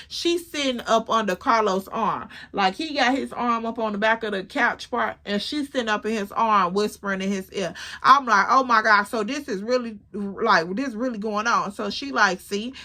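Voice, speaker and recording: Young woman storyteller, bright slightly high voice, animated, acts out dialogue. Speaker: storytime vlogger. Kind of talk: casual storytelling.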